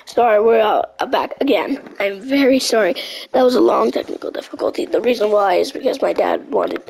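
A woman's voice: mid-range voice, lively intonation, fairly quick, creaky, a little mellow, slight background noise, poor audio. A woman chatting casually while gaming with a friend, often dropping to a whisper and apologizing in a rambling way. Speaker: gamer playing with a friend.

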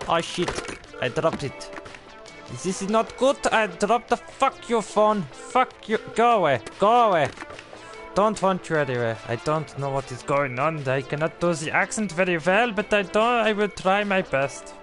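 A man voicing a bumbling, flustered male surgeon in a put-on German accent, loudly cursing and muddling through a game. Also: high voice, animated, measured pace, soft background music. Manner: loud, exasperated, swearing at objects. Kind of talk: gameplay commentary in character.

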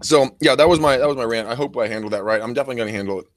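A man's voice: medium pitch, racing, dry recording, clean studio sound. Rambling, swearing male podcast co-host. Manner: rambling storyteller, swears freely, laughs a lot. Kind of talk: casual chat.

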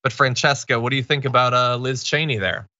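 A man's voice: mid-range voice, fairly even intonation, brisk, sharp tone, no room sound, lo-fi sound. A man hosting a political commentary show, talking through the news in a conversational, emphatic way with restarts.

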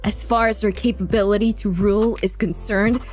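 A woman voicing a clever, scheming young prince in a manga read-along, in a calm, plotting tone. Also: medium pitch, brisk, faint music behind, lightly acted.

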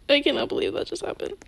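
A female gaming video creator giving excited, dramatic commentary while she plays. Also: high voice. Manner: dramatic, gasping and gushing. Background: background music.

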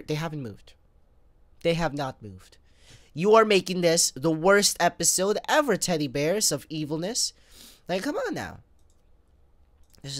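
A young gamer gives excitable let's play commentary, speaking straight to viewers and grumbling at the game between fits of sneezing and coughing. His voice is on the high side, and the recording is dry.

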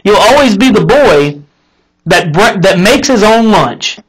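A man hosting a casual faith talk, telling an illustration with lively acted-out characters and then drawing the lesson from it. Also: high-pitched, a little slow, slightly rough, poor audio. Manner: animated storyteller, acts out the characters in the story. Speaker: host of a live Christian talk stream.

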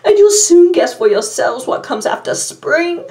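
A woman voicing a friendly, wise male red squirrel in a storybook, gently scolding and reassuring. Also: sits high, very animated, a little slow, pitched above the performer's own voice, full character voice. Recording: roomy, from a distance.

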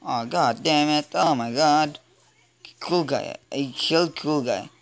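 A let's play gamer giving casual commentary, excitable and often stammering or blurting out sudden exclamations. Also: medium pitch, slow pace.

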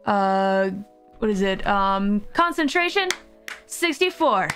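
A woman's voice: mid-range voice, animated, slow pace, music in the background. A woman hosting a casual livestream chat with friends, talking in a playful, rambling way full of filler words. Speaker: stream host.

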